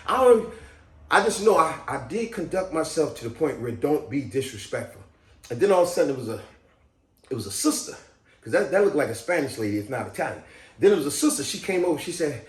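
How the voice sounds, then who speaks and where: A man vlogging an animated personal story, laughing and jumping into loud, excited outbursts when quoting himself. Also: on the high side. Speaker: video creator telling a personal story. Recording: roomy echo, from off the mic.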